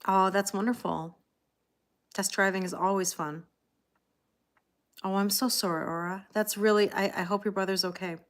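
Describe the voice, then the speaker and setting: This middle-aged Canadian tarot reader speaks at a medium pitch with fairly even intonation and normal speed, leaving long pauses. On her live stream she's chatty, welcoming viewers by name and voicing their comments.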